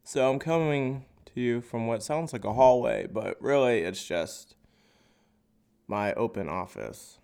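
Stuffy-nosed comic, crude and lively. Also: male voice, medium pitch, a little slow, vocal fry, smooth. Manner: crude, loose, sarcastic. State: stuffy and nasal from a cold. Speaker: podcast host and stand-up comic. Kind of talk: stand-up bit on a podcast. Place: open office, echoey.

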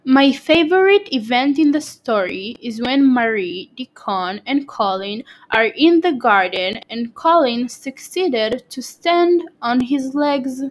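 A woman reading a book report aloud slowly and carefully, with small slips and restarts. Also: sits high, lively intonation, low-quality recording. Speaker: student presenting a book report. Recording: clear background noise.

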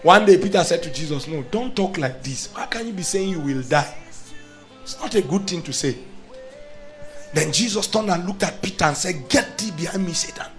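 A man preaching as a pastor, swinging from loud declarations to hushed, acted-out inner voices. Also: high voice, expressive, normal speed, faint music behind. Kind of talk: sermon.

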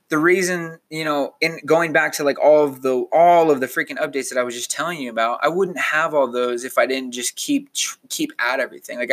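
A man's voice: medium pitch, pushed and bright. A young man hosting a solo motivational podcast, talking in an earnest, rambling way with lots of fillers and restarts. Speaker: podcast host.

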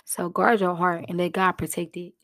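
A woman's voice: lowish voice, level tone, normal speed, fairly bright tone, no room sound, studio quality. A young woman hosting her own podcast, giving heartfelt motivational talk in casual, slang-filled speech. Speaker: podcast host.

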